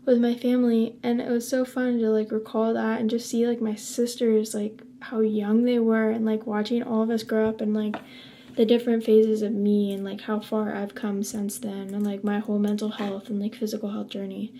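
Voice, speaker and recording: A young woman chats casually to camera in a loose, rambling way, full of filler words. Her voice sits a little high, with a mellow tone and gravelly fry at the ends of phrases. Faint noise hums behind her. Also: level tone, normal speed. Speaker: vlogger.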